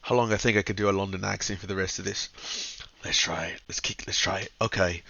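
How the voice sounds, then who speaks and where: A man's voice: deep voice, fairly even intonation, quick pace, gravelly, sharp tone, no echo, lo-fi sound. A man hosting a casual comic book review, talking loosely and swearing often. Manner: loose and profane, keeps saying "bro".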